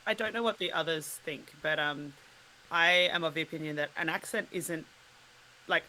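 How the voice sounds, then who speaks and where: A woman with an Australian accent, chatting casually as a podcast guest in an animated way and laughing often. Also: sits low, normal speed, slight background noise, poor audio. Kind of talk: casual chat.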